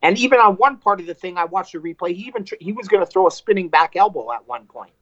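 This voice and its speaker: A man, a fighter, telling a fight story in casual chat, animated and profane, acting out what people said. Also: sits high, quick pace, no echo, highs cut off. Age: adult with wife and two kids. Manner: animated, profane, acts out quotes.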